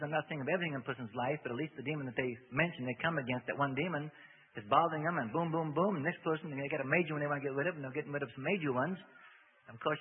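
A man's voice: fairly high pitch, slightly rough. A male preacher giving a sermon, emphatic and repetitive, often restarting his sentences. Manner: emphatic, repeating himself, frequent restarts. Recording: tinny radio broadcast with long hall reverb.

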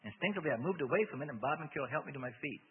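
A man's voice: on the high side, lively intonation, racing, a little hiss or hum. A man reading a religious memoir aloud on the radio, with folksy asides of his own. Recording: tinny phone-like radio broadcast.

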